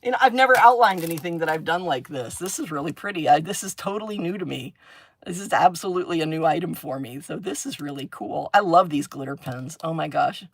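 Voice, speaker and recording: A woman's voice: deep voice, a little fast, dry recording. A woman hosting a crafting livestream, chatting casually as she works, rambling, laughing often and humming little sound effects while she draws.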